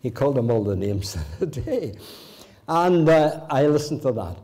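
A man's voice: mid-range voice, sing-song, moderate pace, mellow. A man in his eighties with a Northern Irish accent, preaching in a church and weaving homely childhood stories into his sermon, with the odd restart. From Northern Ireland. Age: 80s. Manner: homely anecdotes with occasional restarts. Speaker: guest preacher. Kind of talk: folksy storytelling sermon.

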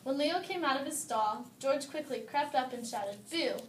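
A woman reading a children's story aloud in a steady, expressive way. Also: high voice, moderate pace, reverberant, recorded from a distance, a little hiss or hum, poor audio.

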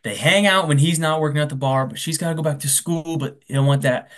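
A man casually retelling a film plot on a comedy podcast, acting out the characters' lines with quick asides. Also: a little high, a bit bright. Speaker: podcast co-host. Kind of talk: casual comedic movie recap.

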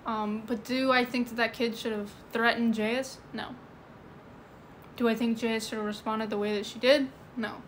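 A woman talks loosely into her phone during a livestream, filling her sentences with "like" and "you know". Her voice sits on the high side. A faint background hum runs under her speech. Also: steady tone, normal speed. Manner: rambling, full of "like" and "you know". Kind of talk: casual livestream chat. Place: indoors at home.

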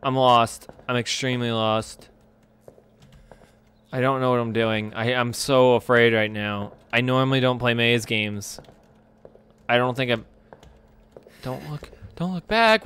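A man's voice: mid-range voice, a bit bright, clean tone. A young man commentating a horror game as he plays, jumpy and panicky, breaking into screams and swearing when something startles him. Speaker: gaming YouTuber.

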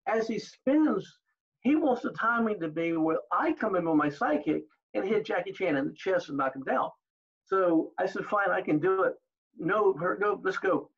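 Older man, husky, high-pitched, animated anecdotes, dull lo-fi recording. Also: normal speed. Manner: animated anecdotes, acting out quoted exchanges. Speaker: interview guest. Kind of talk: storytelling in an interview.

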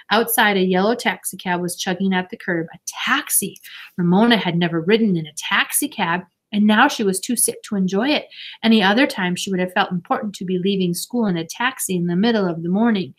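A woman reading a children's novel aloud, with gentle, expressive storytelling. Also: mid-range voice, fairly quick. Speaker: audiobook narrator.

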